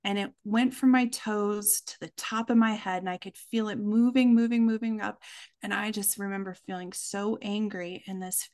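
A woman, a mother, telling a personal story in a conversation, earnest and reflective, slowing down for emphasis. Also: medium pitch, steady tone, a little mellow. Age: adult with children. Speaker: podcast guest.

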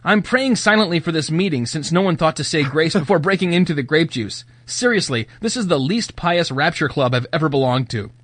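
A man's voice: a little high, lively intonation, a little fast, hardly any pauses, a bit bright, dry recording. A man reading the part of a fussy, self-righteous young male student who talks in a prissy, demanding way. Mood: indignant.

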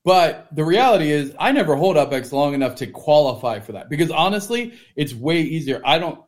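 A man's voice: on the high side, big pitch swings, a little fast. A man co-hosting a podcast in casual chat, talking in a joking, rambling way full of "like". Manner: chatty and joking, heavy use of "like". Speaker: podcast co-host.

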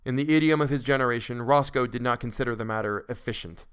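A man narrating a classic story for a podcast in a measured way, with occasional restarts. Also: medium pitch, fairly bright tone, clear, resonant tone.

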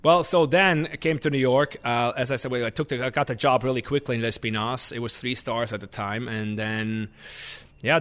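A man, a chef, telling stories in a lively conversational way, often restarting his sentences. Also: mid-range voice. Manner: animated, restarts often, acts out kitchen shouting. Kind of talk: conversational storytelling.

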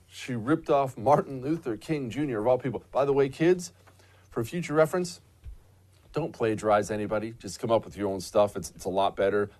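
A man hosting a political commentary show, delivering an indignant, sarcastic monologue. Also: medium pitch.

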